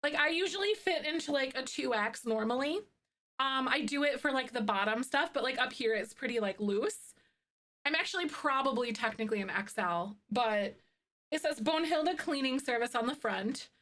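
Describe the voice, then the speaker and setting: A woman streamer talking to her viewers in a slightly high voice. She is chatty and excitable, with lots of quick gushing asides. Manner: excitable, chatty, self-described loudmouth. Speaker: live streamer. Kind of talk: casual live-stream chat.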